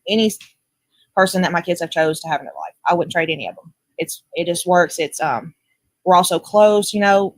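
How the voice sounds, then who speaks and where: A woman's voice: on the low side, no echo. A middle-aged woman, chatting casually about her family as a podcast co-host, rambling with many fillers.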